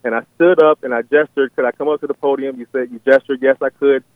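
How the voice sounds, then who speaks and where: A man's voice: medium pitch, steady tone, fast talker, no room sound. A man speaks over a tinny, dry phone line. He is calling in and tells a long vision, hesitant and full of ums and restarts. His voice sits in a middling register. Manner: hesitant, many fillers and restarts. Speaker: caller. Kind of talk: phone-in call sharing a vision. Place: on a phone call.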